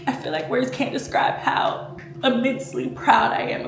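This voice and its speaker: A woman's voice: sits high, expressive, moderate pace, vocal fry, echoey room. A woman in her twenties talking to her vlog camera in a chatty, emotional way, close to tears at times, with lots of fillers. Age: 20s. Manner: emotional, fighting back tears; chatty, full of fillers like "like" and "you know". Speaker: vlogger. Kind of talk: casual personal vlog talk.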